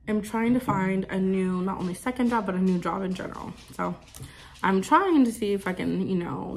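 Twenties woman, casual vlog talk, rambling and filler-heavy, a bit of vocal fry. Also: mid-range voice, a little hiss or hum. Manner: rambling, filler-heavy, soft coos to her pet. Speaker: vlogger.

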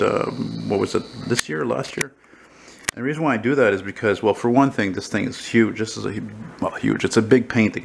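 A man with a deep, gravelly voice rambles casually to a handheld camera, full of fillers and restarts. His voice sits very low, and faint hiss and room ambience run underneath. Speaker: painter vlogger. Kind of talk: casual handheld vlog chat. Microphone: handheld camera mic.

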